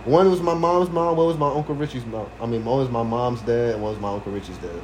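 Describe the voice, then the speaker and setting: A young man co-hosting a casual home podcast, telling animated stories, laughing often and swearing freely. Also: medium pitch, fast talker, a crowd in the background. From Philadelphia. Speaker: podcast co-host. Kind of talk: casual chat. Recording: noisy home recording.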